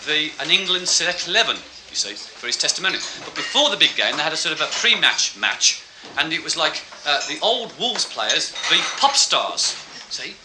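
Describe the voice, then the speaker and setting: A male stand-up comedian rambles through a self-mocking story, his fairly high voice swinging up and down in a lively way. Heavy noise hangs over the live stage recording. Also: moderate pace. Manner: chatty, rambling, self-mocking, laughing asides.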